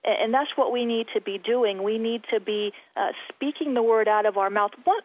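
A woman's voice: medium pitch, slight background noise. Christian woman guest on a tinny phone line. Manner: earnest, repeats words when starting. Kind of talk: Christian faith interview.

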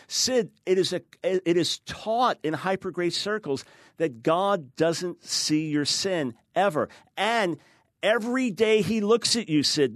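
A man's voice: sits high, a bit bright, dry recording, studio quality. Emphatic man explaining scripture. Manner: emphatic, quotes opponents in shifting voices. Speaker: guest author. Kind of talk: animated theological discussion.

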